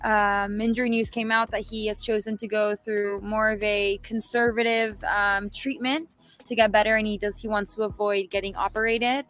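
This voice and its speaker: A woman's voice: medium pitch, level tone, normal speed, few pauses, a bit bright, poor audio. Woman, live-stream co-host, chatty, upbeat, faint music behind. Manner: chatty, upbeat, many fillers. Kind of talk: casual live-stream chat. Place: studio.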